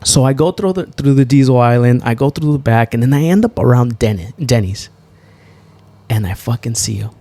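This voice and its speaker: A young man co-hosting a podcast, telling a story in a loose, profane way and jumping up high when he gets excited. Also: moderate pace. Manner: animated, profane, swings to high laughing exclaims. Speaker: podcast co-host. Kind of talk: storytelling in casual chat.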